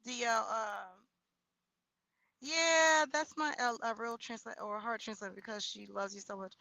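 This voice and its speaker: A high-voiced woman runs a casual livestream chat, talking loud and loose with slangy shout-outs to her viewers. Her voice is bright and forward, and the sound is close and dry, with no room around it. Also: normal speed, gravelly, dry recording, low-quality recording. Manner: loud, expressive, slangy, talks straight to viewers. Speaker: livestream host.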